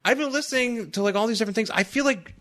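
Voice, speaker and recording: A man co-hosting a podcast in casual chat, animated, often acting out quotes in loud high voices. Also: very fast. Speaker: podcast co-host.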